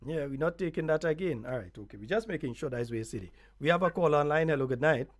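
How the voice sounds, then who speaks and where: A man with a Grenadian accent hosting a radio call-in show, talking in a relaxed, conversational way. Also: on the high side, fast. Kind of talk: casual call-in talk.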